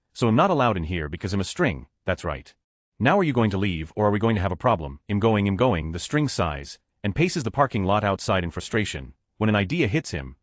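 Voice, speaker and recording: A man's voice: lowish voice, no echo, clean studio sound. A man narrating a string of reader-submitted jokes in a scripted, announced-by-number way. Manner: animated, reads numbered stories one after another.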